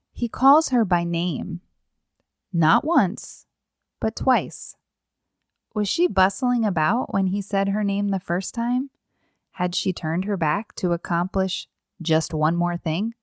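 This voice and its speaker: A woman's voice: fairly low pitch, slow pace, dry recording, clean studio sound. A middle-aged woman hosting a devotional podcast, speaking in an earnest, reflective way with rhetorical questions and repeated phrases. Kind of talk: devotional talk.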